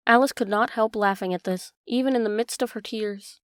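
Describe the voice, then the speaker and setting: A woman narrating a classic storybook in a steady, even reading. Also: mid-range voice, brisk, clean tone, no room sound, clean studio sound.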